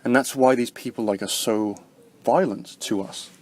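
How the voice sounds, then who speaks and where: A man's voice: mid-range voice, moderate pace. A young man vlogging in a casual, rambling way, with constant filler words and frequent swearing. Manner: rambling, heavy filler words, profane, animated quoting.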